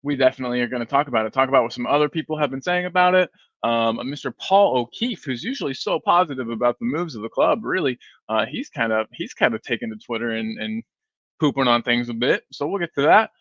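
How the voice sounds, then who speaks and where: A man's voice: mid-range voice, expressive, fast, fairly bright tone, no echo. A sleepy man hosting a fan live stream, rambling casually and reading viewer comments aloud. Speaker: fan channel host. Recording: dull, dry stream audio.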